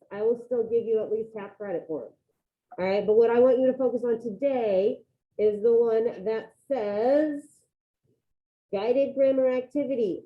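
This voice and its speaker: A woman teaching a Spanish class over a video call, giving brisk step-by-step instructions and coaxing students to get the work done. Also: on the high side. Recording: tinny phone-like video call audio.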